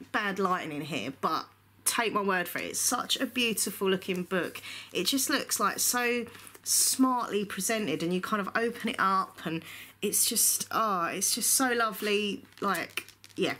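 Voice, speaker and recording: A woman with a bright, clear voice talks through her new books in a relaxed home vlog. She rambles and gushes with excitement, chatty and informal. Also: mid-range voice, unhurried, slight background noise. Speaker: book vlogger. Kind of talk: casual book haul chat. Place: indoor room at home.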